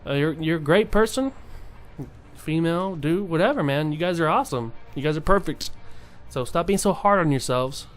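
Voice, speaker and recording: With a fairly high, animated voice at a moderate pace, a young vlogger talks earnestly and casually to his audience in a motivational vein. His delivery wanders, with lots of fillers and false starts.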